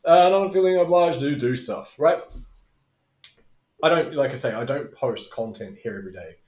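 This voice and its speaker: A man's voice: medium pitch, lively intonation, normal speed, darkish tone. A middle-aged man, teaching as a business coach in a casual, rambling way, with tangents and swearing. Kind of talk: casual talking-head video lesson. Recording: roomy echo.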